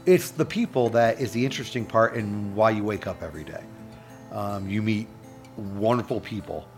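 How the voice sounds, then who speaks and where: A man's voice: fairly low pitch, moderate pace, a little mellow, soft background music. A man, a motel owner, talking upbeat and casual in an interview with many fillers.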